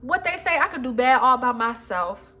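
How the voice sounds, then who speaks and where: A woman's voice: high-pitched, lively intonation, normal speed, bright, forceful tone. A woman reading tarot cards for her viewers, blunt and emphatic, swearing freely and calling listeners baby and honey. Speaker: tarot reader. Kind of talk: casual tarot reading vlog.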